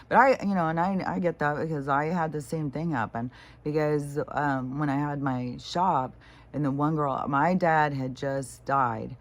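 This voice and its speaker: A woman's voice: low-pitched, steady tone, normal speed. A woman talking casually in a meandering monologue, full of fillers and quoted asides, laughing often. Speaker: vlogger.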